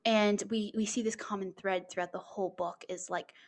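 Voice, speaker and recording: A woman's voice: medium pitch, fairly even intonation, moderate pace. Young woman cohost, rambly, says like and stuff a lot, chill book chat. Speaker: podcast co-host. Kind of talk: casual book-club chat.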